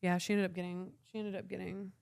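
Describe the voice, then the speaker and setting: A woman guest on a stream, chatting casually and reacting with quick quips. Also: lowish voice, level tone, vocal fry, darkish tone, clear, resonant tone, no echo, clean studio sound. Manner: reactive, laughs and chimes in with quips. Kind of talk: casual chat.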